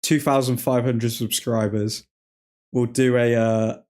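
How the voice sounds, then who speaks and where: A man's voice: medium pitch, level tone, unhurried, a little mellow. A man hosting a live watchalong stream, chatting casually, rambling between match moments and chat messages, and laughing often. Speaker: streamer host.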